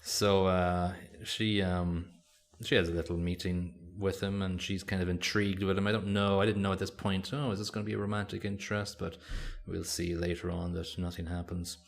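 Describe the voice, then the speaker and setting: This man's creaky, low voice stays level at normal speed, with hardly any pauses. He's co-hosting a podcast in a casual chat, rambling hesitantly and filling it with fillers.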